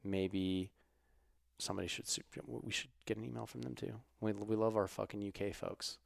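A man's voice: on the low side, steady tone, normal speed, gravelly, dry recording. Profane podcast host man, dry mic. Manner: profane, swings from muttered asides to loud outbursts. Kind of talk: casual podcast chat.

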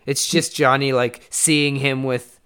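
A man talking casually about a film, relaxed and a little hesitant. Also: mid-range voice, slow, clear, resonant tone. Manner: relaxed, hesitant, restarts phrases.

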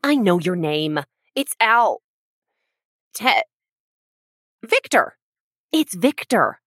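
A woman's voice: medium pitch, big pitch swings, extremely slow, a bit bright, no echo, exaggerated voice. A woman playing a bored, sardonic female knife-thrower in an improvised tabletop role-play. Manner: dry and sardonic.

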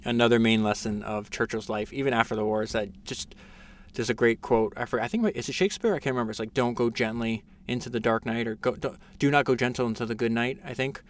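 A man's voice: medium pitch, fast talker, a little hiss or hum. A man hosting a casual podcast, summarizing a biography with enthusiasm, reading passages aloud with frequent fillers and restarts. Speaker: podcast host.

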